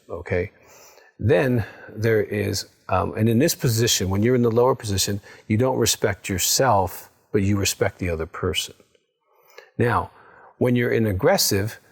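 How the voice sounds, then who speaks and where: An older man in his sixties speaks as a psychologist teaching viewers. His voice sits on the low side. He talks directly and plainly, stopping to check in with "okay?" as he coaches. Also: slightly rough. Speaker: psychologist and recovery counselor. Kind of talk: instructional talk to viewers.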